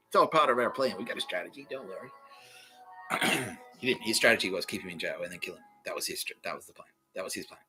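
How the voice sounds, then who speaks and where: A man's voice: fairly low pitch, expressive, fast talker, bright, forceful tone, faint music behind, low-quality recording. An Australian man hosting a podcast, talking alone in a rambling, profane, repetitive way. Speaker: podcast host. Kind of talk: rambling solo monologue.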